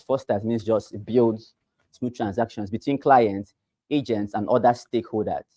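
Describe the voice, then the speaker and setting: Nigerian male trainer, mellow dark tone, dry close sound, drills points by repeating them. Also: mid-range voice, normal speed, no echo. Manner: repeats phrases and asks the class rhetorical questions. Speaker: real estate trainer. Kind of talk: teaching a class.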